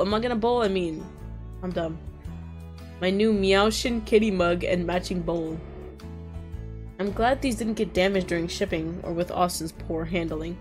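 A woman at a mid-range pitch reads a romance game's dialogue aloud and breaks into loud, startled reactions. She mixes narration with her own commentary, and faint music plays behind her voice. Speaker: gaming streamer. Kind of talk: reading a visual novel aloud with reactions.

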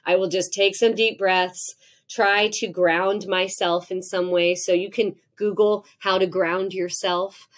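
A woman's voice: medium pitch, a little slow. A woman in her forties, a professor guest on a podcast, talking candidly and acting out heated exchanges as she tells stories. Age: 40s. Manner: animated storytelling, acts out heated exchanges with laughter.

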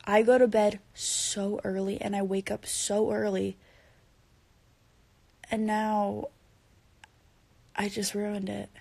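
A sleep-deprived singer chats casually with fans on a late-night livestream, indoors at home at bedtime, phone camera held close. Rambling and giggly, she reads comments and now and then whispers. Her medium-pitched voice is flat, slow and slightly mellow, with vocal fry, frequent pauses and no echo.

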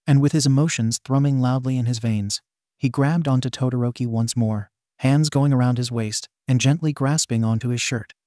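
A man narrating a fan-fiction audiobook in a steady, gentle storytelling manner. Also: medium pitch, no echo, studio quality.

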